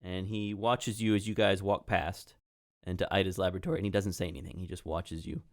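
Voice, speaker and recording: A man narrating as game master of a tabletop role-playing podcast, relaxed and conversational with occasional fillers. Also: sits low, a little fast, no echo, clean studio sound.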